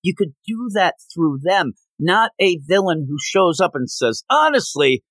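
Animated man chatting about comics. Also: high voice, a little slow, dry recording. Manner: animated, acts out characters' lines in silly voices. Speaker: comic book podcast host. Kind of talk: casual chat.

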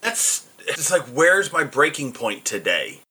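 A man, a teacher, co-hosting a casual podcast chat in a lively, informal way. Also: a little high, takes it slowly, breathy edge.

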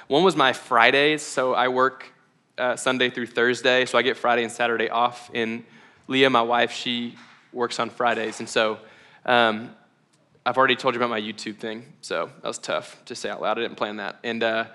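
A man's voice: medium pitch, pushed and bright. A young man preaching a casual, candid sermon, often laughing at himself. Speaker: pastor. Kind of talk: conversational sermon.

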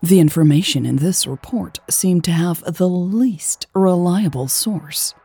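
A woman reading an audiobook as narrator, in an even, measured delivery. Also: fairly low pitch, breathy edge, no echo. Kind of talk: scripted narration.

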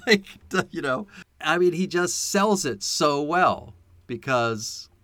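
A man co-hosting a podcast in casual chat, animated and laughing often as he acts out movie lines. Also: a little high, takes it slowly, dry recording. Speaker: podcast co-host. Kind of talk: casual chat about a film.

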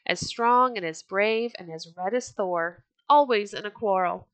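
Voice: medium pitch, unhurried, fairly bright tone, dry recording, close to an everyday voice. A woman voicing an admiring villager musing aloud in a storybook reading. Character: admiring villager praising a hero.

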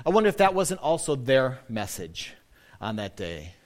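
A male pastor giving a casual, conversational sermon, slowing down and softening for quoted lines. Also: medium pitch. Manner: lively, conversational preaching with soft, slowed quoted lines.

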